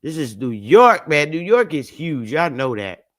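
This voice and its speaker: A woman's voice: low voice, very animated, unhurried. A woman hosting a casual livestream, talking loosely and profanely and laughing often as she goes. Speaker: livestream host.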